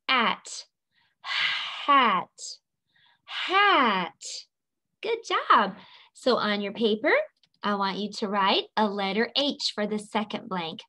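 Slow, patient woman teaching phonics. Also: medium pitch, lively intonation, pushed and bright. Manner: patient, sounds out letters slowly and repeats them; encouraging, playful sing-song prompts. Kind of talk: phonics lesson for young children.

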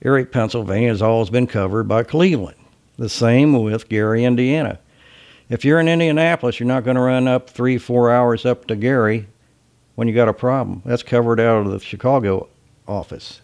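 A man's voice: mid-range voice, moderate pace, darkish tone. A man from Ohio with a slight Southern drawl, giving a casual lecture on sales in a blunt, folksy, salty way. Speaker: sales trainer.

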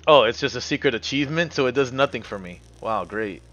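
A man's voice: mid-range voice, lively intonation, fast, fairly bright tone. A man live-streaming a game, commenting casually, frustrated and swearing as he mutters to himself.

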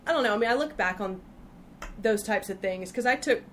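A woman's voice: medium pitch, lively intonation, brisk, a bit bright, slight background noise. A woman from Texas, a podcast guest chatting casually and telling playful stories with frequent laughter. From Texas, USA. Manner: laughs often, playful storytelling. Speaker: podcast guest, freelance writer. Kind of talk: casual conversation.

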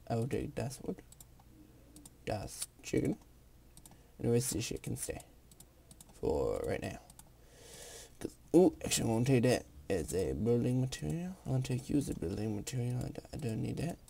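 A young man giving casual let's play commentary while gaming, excitable, swearing and gasping. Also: mid-range voice, moderate pace, vocal fry, slight background noise. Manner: excitable, swears, gasps and sings jokingly. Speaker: gamer.

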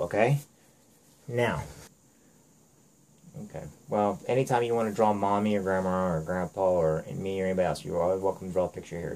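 A man's voice: lowish voice, darkish tone, low-quality recording. A father talking earnestly with his young daughter at home, firm and lecturing, often checking in with "okay?".

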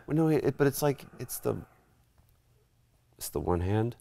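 A voice actor casually bantering and joking while playing a retro video game with a friend. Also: male voice, medium pitch, animated, unhurried, creaky, dark tone, no echo, studio quality. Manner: goofy, riffing, slips into silly bits.

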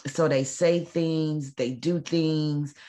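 A woman's voice: sits low, fairly even intonation, warm tone. Earnest woman, holding back tears. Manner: earnest, emotional, halting with frequent ums. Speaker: show host. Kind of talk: faith-based personal talk to camera.

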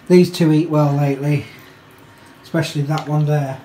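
A cheerful man in his thirties chats to camera through a family evening, laughing often and going sing-song when he talks to the kids. He sounds like he is filming himself at home on a handheld camera. There is a steady hiss of background noise, with kitchen clatter behind him. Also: on the high side, moderate pace. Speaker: family vlogger. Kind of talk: casual home vlog. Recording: noisy home recording.

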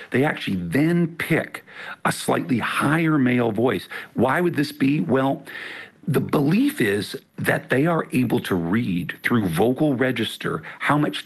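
A middle-aged man with a gravelly, rattly voice that sits fairly low. He explains at length in a measured, patient manner, with some huskiness in the tone. He is a guest in an interview conversation. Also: a bit bright. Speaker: author guest.

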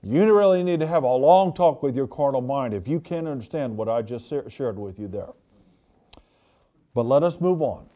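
Man, pastor, high-pitched voice, fervent conversational sermon, emphatic repetition. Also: very animated, brisk, mellow, highs cut off.

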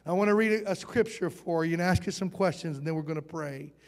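High-voiced preacher in a reverberant hall. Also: male voice, fast talker. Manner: folksy, playful, rhetorical questions to the congregation. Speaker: pastor. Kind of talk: sermon.

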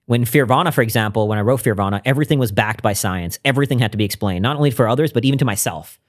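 A man's voice: mid-range voice, very fast. A man speaking as a podcast guest, telling a personal story in an earnest, reflective way with frequent restarts.

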